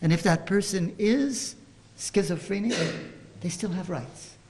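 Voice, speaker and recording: Lecturer, gravelly voice, animated, quizzes listeners with jokey asides. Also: medium pitch, unhurried, a little hiss or hum, low-quality recording. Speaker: scholar lecturing to a class. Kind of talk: lively classroom lecture.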